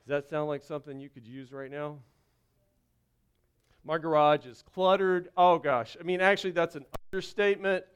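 A man's voice: a little high, moderate pace, smooth, highs cut off. A man with a Southern accent preaching a sermon, telling a personal story with lots of restarts and asides. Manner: animated storytelling with self-interruptions and restarts. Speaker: pastor.

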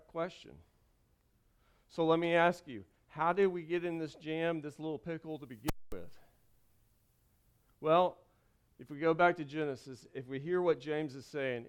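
Animated, high-voiced preacher. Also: male voice, clear, resonant tone. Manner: animated preaching with asides and jokes. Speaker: pastor. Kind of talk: sermon.

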